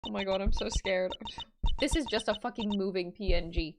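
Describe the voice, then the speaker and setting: Excitable swearing young woman streamer. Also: mid-range voice, fairly quick, background noise. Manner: excitable, swearing, bursts into loud shrieks. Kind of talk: game playthrough commentary. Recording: game music behind.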